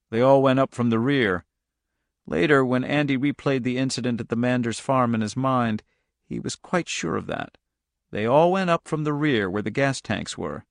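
A man narrates a novel in a steady, measured storytelling voice of middling pitch. The recording is close and completely dry, with a studio audiobook feel. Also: gravelly, no echo. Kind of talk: scripted narration.

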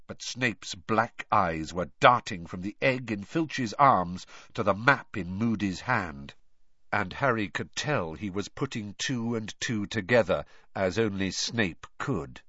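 A man narrating an audiobook in an expressive storytelling read. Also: on the low side, takes it slowly, no room sound. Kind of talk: scripted narration. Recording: dry, slightly dull recording.

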